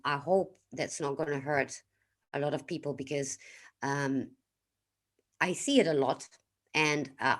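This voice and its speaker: Woman, Dutch accent, low voice, livestream host, casual reflective talk, greets chat viewers. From Netherlands.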